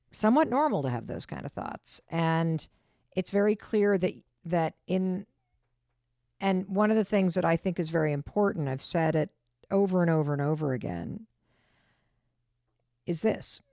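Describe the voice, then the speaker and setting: Middle-aged woman, podcast host, deep, emphatic and reassuring, dry sound. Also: expressive, unhurried, pauses often, mellow, no echo. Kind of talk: casual podcast conversation.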